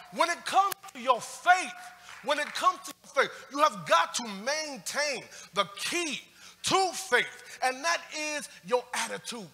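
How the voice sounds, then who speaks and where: A man preaching a sermon as pastor, emphatic, with call-and-response lines and bursts of shouting. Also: very high-pitched. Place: church sanctuary. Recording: church broadcast with long reverb.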